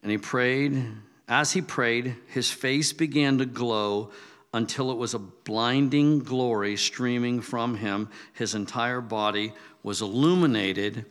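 A man's voice: medium pitch, slow, a bit bright, clean tone, in a large hall. An older man giving a casual Bible teaching, chatty, with asides and restarts. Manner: conversational, restarts and asides, acts out quotes.

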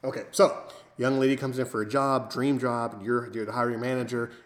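A man's voice: medium pitch, level tone, a little fast. Playful man setting up jokes. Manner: playful storyteller, sets up jokes. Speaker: podcast host. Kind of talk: casual chat.

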